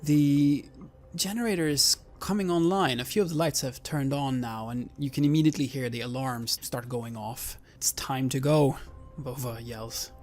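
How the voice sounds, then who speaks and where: A man's voice: mid-range voice, fairly even intonation, normal speed, few pauses. A man with a mid-range voice narrates a tabletop horror game as game master. He describes scenes steadily, with frequent fillers. Faint music plays beneath him.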